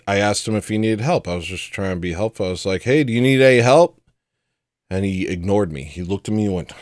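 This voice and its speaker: A man's voice: deep voice, no echo, studio quality. A man hosting a livestream show, telling a personal story in a casual, rambling way with frequent restarts.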